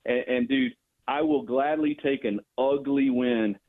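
A man calling in to a sports radio show, talking in an animated, rambling, mocking way. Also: medium pitch, measured pace. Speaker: caller. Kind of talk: sports talk radio call. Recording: phone line.

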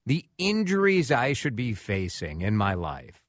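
A man hosting a radio talk show, telling a story in a casual, animated way and acting out quotes. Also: mid-range voice, unhurried, no room sound, clean studio sound.

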